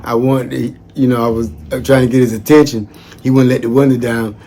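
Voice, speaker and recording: Guy rambling casual shout-outs, talks in a middle pitch, easygoing and folksy, faint hiss behind him. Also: little pitch movement, brisk. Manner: chatty, folksy, digressive, calls listeners "man". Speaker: vlogger giving shout-outs; former social worker.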